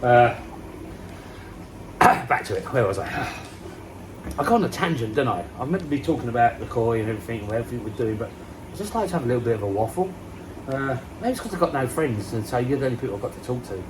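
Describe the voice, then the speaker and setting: A man's voice: medium pitch, animated, quick pace, background noise. A man, chatting casually and rambling on a vlog, self-mocking and swearing casually. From England. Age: 50s. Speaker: koi pond vlogger. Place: outdoors by a garden pond.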